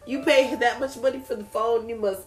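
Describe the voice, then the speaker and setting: A woman's voice: on the high side, brisk, reverberant, poor audio. A woman from Texas co-hosting a podcast, telling stories with laughs and putting on her dad's voice. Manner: laughing storyteller, lively impressions of her dad. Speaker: podcast co-host. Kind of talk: casual chat.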